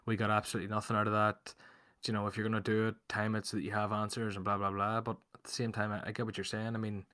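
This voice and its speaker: A man's voice: on the low side, monotone, very fast, pushed and bright. A man hosting a casual podcast chat, chatty and reading out listener questions. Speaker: podcast host.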